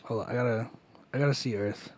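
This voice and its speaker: A man's voice: medium pitch, fast talker. Male co-host, casual chat, enthusiastic and profane. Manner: excited, swearing, nerding out. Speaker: podcast co-host.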